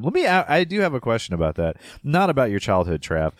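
A man's voice: medium pitch, wildly swooping pitch, fast talker, no room sound, studio quality. A man hosting a movie podcast, talking in casual chat with playful, teasing banter. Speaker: podcast host.

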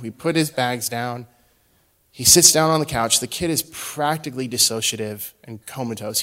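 A middle-aged man preaching a sermon as a pastor, telling a story and swinging between hushed and loud delivery. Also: mid-range voice.

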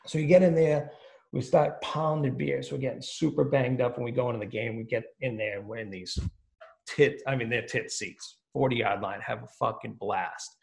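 A man's voice: medium pitch, steady tone, moderate pace, gravelly. A man on a podcast telling a long, rambling, profane story in casual talk. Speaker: podcast guest.

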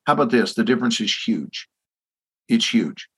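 A man's voice: mid-range voice, very animated, moderate pace, fairly bright tone, slightly rough. A man in his sixties with a Texan accent, a podcast guest telling stories emphatically and asking listeners rhetorical questions. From Texas. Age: 60s. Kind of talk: podcast conversation.

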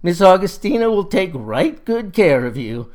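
A smooth-talking country churchman with a polite, persuasive drawl, as a storyteller puts him on. He keeps his manners courteous while steering every exchange his way, pitched a little above the narration. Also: sing-song, moderate pace, a little mellow, lightly acted. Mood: sly. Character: sly folksy Baptist country man.

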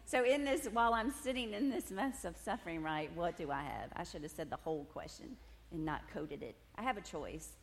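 A women's ministry speaker gives her personal testimony to a group seated at tables, telling it animatedly with laughter and many asides to the room. Her voice is lowish with lively intonation, and she talks briskly with hardly any pauses.

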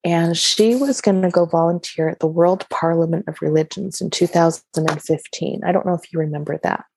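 Dark-voiced woman telling stories. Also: on the low side, brisk, creaky, husky, no room sound. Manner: animated, laughs often while telling stories. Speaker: guest. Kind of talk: conversational storytelling.

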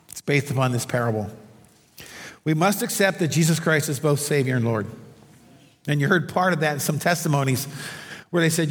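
Standing in a stage-lit church sanctuary, a man preaches to his congregation in a chatty style full of anecdotes and side remarks. He sounds animated, his pitch runs high, and he moves at a normal pace with long pauses, all wrapped in lengthy hall reverb.

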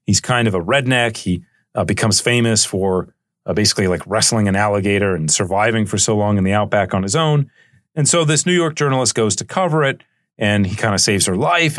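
A man hosting a history podcast, lecturing in a loose, conversational way and often pausing with "uh" and "right?". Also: lowish voice, a bit bright, no echo, studio quality. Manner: chatty and digressive, with frequent "uh" and "right?".

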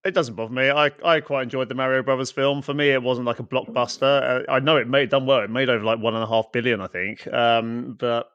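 A man's voice: mid-range voice, fairly even intonation, brisk, hardly any pauses, clean tone, no room sound. Laid-back man chatting with a muffled sound. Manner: laid-back, laughs and swears often. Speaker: podcast co-host. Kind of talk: casual chat. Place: home room.

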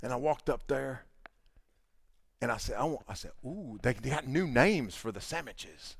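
This preacher's mid-range voice is gravelly and slightly rough, moving at a moderate pace with no room sound. His conversational sermon leans on lively anecdotes in which he mimics people in everyday dialogue to drive his point home.

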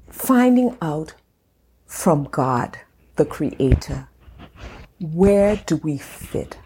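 A woman with a Liberian accent giving a slow, deliberate devotional talk as the host of a faith channel, dropping into soft whispered asides. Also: sits low, slightly rough. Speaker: faith vlogger.

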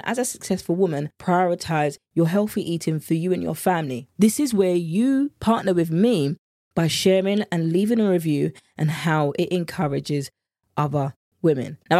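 A woman's voice: lowish voice, mellow, no room sound. British lady doing a solo podcast, heartfelt and earnest, repeats herself a lot, dry close sound. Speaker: podcast host, meal planning coach.

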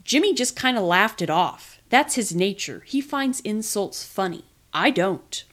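A woman reading a memoir aloud in the first person, with lively, expressive storytelling. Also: mid-range voice, unhurried. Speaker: podcast reader.

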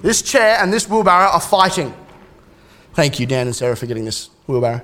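A man's voice: fairly high pitch, very animated, brisk, fairly bright tone. A man, preaching a sermon in a casual way with joking asides and frequent restarts. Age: 30s. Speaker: pastor.

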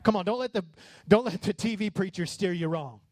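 A man preaching a sermon as pastor, passionate and rising to shouts on key lines. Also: high-pitched, a little fast, dry recording.

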